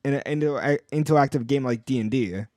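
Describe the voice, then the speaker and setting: A man's voice: mid-range voice, brisk, a little mellow, dry recording, studio quality. A young man co-hosting a casual podcast, talking with enthusiasm, rambling through restarts and fillers. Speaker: podcast co-host.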